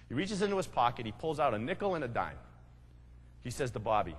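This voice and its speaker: Male speaker telling a story, animated, husky, lively pitch swings, long hall echo. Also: fast. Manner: animated storyteller, asks the audience "right?". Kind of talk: storytelling talk.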